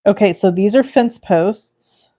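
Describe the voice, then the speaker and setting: A Californian crafting host demos card-making live, casually chatting, thinking out loud, and reading what viewers write. She has a mid-range, mellow voice and a slow pace.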